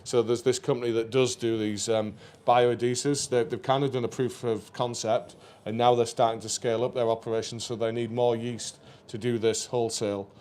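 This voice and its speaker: A man's voice: mid-range voice, level tone, brisk, hardly any pauses, a little mellow. A man co-hosting a live brewery stream, chatting casually and rambling with fillers. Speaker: brewery co-host. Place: brewery taproom.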